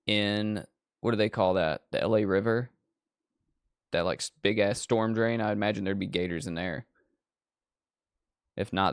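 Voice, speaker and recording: A man hosts a horror movie show and rambles from tangent to tangent with plenty of swearing. His voice sits low and sounds dry and close. He keeps the story going in a loose, animated way. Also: clear, resonant tone, no room sound. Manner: profane, digressive, animated storyteller. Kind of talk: casual rambling chat.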